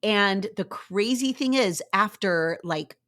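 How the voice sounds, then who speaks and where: A middle-aged woman hosting a podcast, telling her own story in an energetic, motivational way and acting out what people said. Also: mid-range voice, slow pace. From Southern California. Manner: energetic, animated, acts out quoted voices. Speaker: podcast host.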